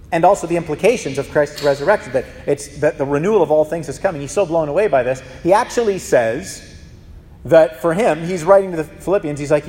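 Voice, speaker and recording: A man preaching a sermon as pastor, in a conversational, animated way with frequent restarts. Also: fairly high pitch. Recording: long reverb of a large hall.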